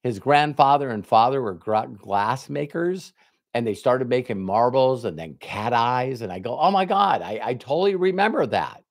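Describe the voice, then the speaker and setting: Middle-aged guy doing a motivational sales talk, lively up-and-down voice, plays both people in his stories. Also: mid-range voice, moderate pace, no echo, clean studio sound. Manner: animated storyteller who acts out both sides of conversations. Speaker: network marketing trainer. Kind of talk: motivational talk with retold dialogue.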